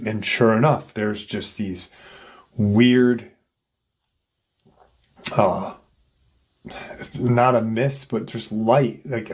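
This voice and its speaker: A man's voice: fairly low pitch, slightly rough. A man hosting a paranormal channel, casually retelling an encounter story in a loose, rambling way full of "like" and "you know.".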